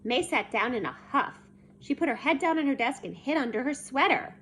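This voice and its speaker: A woman reading a children's storybook aloud with a fairly high voice that jumps all over in pitch. Her reading is bouncy and expressive. A faint hiss sits under the recording. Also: brisk. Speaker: storybook reader.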